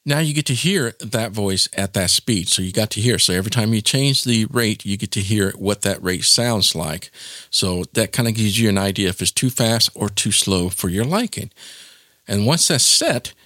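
Chatty man with a lively voice. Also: lowish voice, dry recording, studio quality. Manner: chatty and informal, with "yep" and "nonetheless" asides. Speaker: tech tutorial presenter. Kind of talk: casual spoken tutorial.

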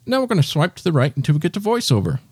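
A man's voice: on the high side, very animated, racing, a little mellow, slightly rough, dry recording. Patient man walking through phone settings. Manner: patient, reassuring, talks the listener through each gesture. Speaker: tech tutorial host. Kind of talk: step-by-step spoken tutorial.

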